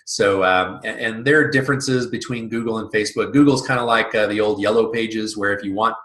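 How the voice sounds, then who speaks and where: A man coaching on business, talking through the lesson in a loose, chatty way with plenty of fillers and restarts. His voice sits a little low but has a bright, forceful edge. The recording is echoey, as in a bare room. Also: fairly quick. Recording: roomy echo.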